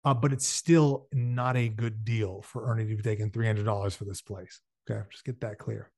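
A man reads a novel aloud, pausing for casual explaining asides with fillers. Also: lowish voice, steady tone, darkish tone, no echo, clean studio sound. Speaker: reader. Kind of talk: reading a novel aloud with commentary.

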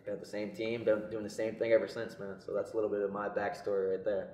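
A young man telling a personal story in a casual podcast chat, lively and acting out what others said. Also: fairly low pitch, fast. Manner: animated, acts out quoted voices. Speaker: podcast co-host. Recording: echoey room.

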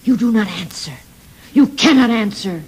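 A man's voice: high-pitched, expressive, moderate pace, breathy edge, exaggerated voice. A man voicing a stern old male prophet who preaches and pleads with rising force. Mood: impassioned.

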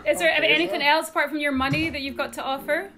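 A woman's voice: high voice, fairly even intonation, fast talker. A Scottish woman bantering playfully over a video call, teasing and laughing often. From Scotland. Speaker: dating app match on video call. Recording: loud music bed over call audio.

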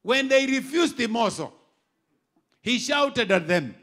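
A middle-aged Kenyan bishop preaching an animated sermon, moving from quiet asides to loud exhortation. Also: male voice, very high-pitched, takes it slowly. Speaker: bishop and pastor.

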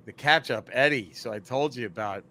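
A man co-hosting a casual comedy podcast, profane and laughing, acting out other people's lines in animated voices. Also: medium pitch, moderate pace. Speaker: podcast co-host.

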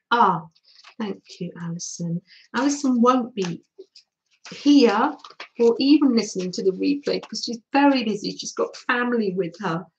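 Chatty older woman, slow-paced. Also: medium pitch, dull audio. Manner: chatty, gushing, answers viewer comments. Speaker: craft livestream host. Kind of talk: casual craft livestream chat.

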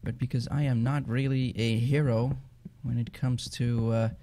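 Chatty Dutch-accented male gamer, mid-pitched, casual rambling commentary, faint hiss on the track. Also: normal speed. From Netherlands. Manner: rambling, chatty, easily excited. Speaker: gaming channel host. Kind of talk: casual let's-play commentary.

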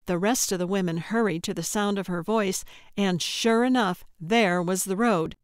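A woman narrating a cozy mystery audiobook in a calm, measured way. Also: mid-range voice, smooth, no room sound, studio quality. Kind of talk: scripted narration.

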